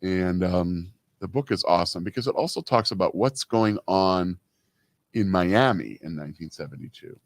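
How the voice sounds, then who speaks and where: A man in his fifties co-hosts a relaxed talk show and tells stories at length, sprinkling in "you know" as he goes. His voice sits very low, and the recording is dry and close, with no room sound. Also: moderate pace, no room sound. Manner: chatty storyteller, many "you know" fillers. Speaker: co-host. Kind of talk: casual radio-style chat.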